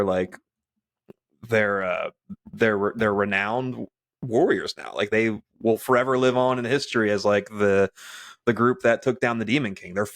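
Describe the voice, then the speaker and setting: A man's voice: medium pitch, a bit bright. A man co-hosting a podcast in casual chat, rambling with many restarts and fillers. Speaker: podcast co-host.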